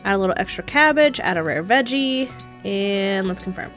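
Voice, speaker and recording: A chatty young woman narrating her gameplay, thinking out loud and laughing often. Her voice sits in a middle range, with faint game music underneath. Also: medium pitch, lively intonation, moderate pace. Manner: chatty, giggly, thinking aloud. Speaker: gameplay streamer. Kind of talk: casual gameplay commentary.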